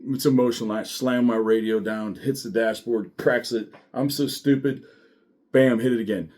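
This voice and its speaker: A middle-aged man who once worked as a sheriff's deputy talks straight to the camera in a casual monologue. His delivery is blunt and full of swearing, and it stays lively and animated throughout. His voice sits in an ordinary middle pitch. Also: moderate pace. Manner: blunt, profane, animated storytelling.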